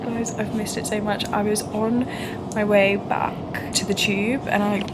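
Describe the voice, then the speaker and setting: A woman's voice: medium pitch, steady tone, a little fast, very noisy. Chatty young woman vlogging to camera. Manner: chatty, rambling and self-mocking, swears casually. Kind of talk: casual vlog chat to camera.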